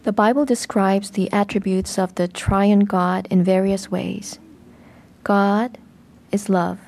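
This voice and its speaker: A woman reading a translated sermon in a measured, even way. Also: medium pitch, vocal fry. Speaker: voice-over reader of a sermon.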